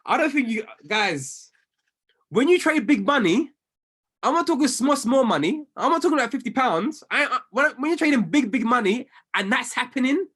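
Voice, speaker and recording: A young man, a trading coach, giving an animated live talk and acting out the panic of a losing trader. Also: very high-pitched, moderate pace, slightly rough. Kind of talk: live-streamed motivational talk.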